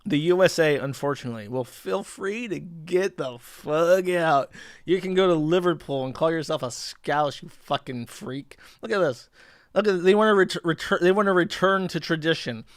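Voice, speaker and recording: Male streamer in his thirties, slightly high voice, dry close mic, sneering and profane. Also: brisk, dry recording. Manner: sarcastic, profane, mocking. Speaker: livestream host. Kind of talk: casual commentary reading posts aloud.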